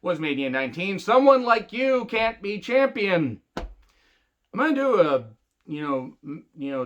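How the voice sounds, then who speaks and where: A man's voice: mid-range voice, a bit bright, highs cut off. A man ranting angrily and sarcastically in a wrestling review, swearing heavily. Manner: angry, sarcastic, heavy swearing. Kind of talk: profane rant review.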